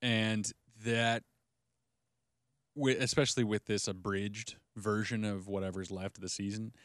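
A man's voice: lowish voice, fairly even intonation, unhurried, a bit bright, clean tone, no echo, studio quality. A man co-hosting a casual podcast chat, speaking with enthusiasm and emphasis. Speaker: podcast co-host.

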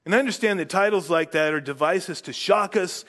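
A man's voice: a little fast, few pauses. Earnest male pastor preaching in a reverberant hall. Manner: earnest, rising in pitch and force on key words, dropping soft at phrase ends. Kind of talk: sermon.

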